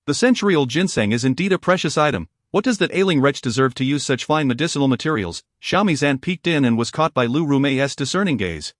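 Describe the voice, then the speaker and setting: A man with a medium-pitched voice narrates a story in a measured, even reading manner. The sound is clean studio audio with no echo.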